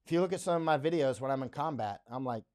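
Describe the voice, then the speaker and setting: This livestream host, a middle-aged man from the United States, offers unscripted live commentary in a blunt, emphatic style, repeating himself for emphasis. He talks fast with a mid-range, darkish voice.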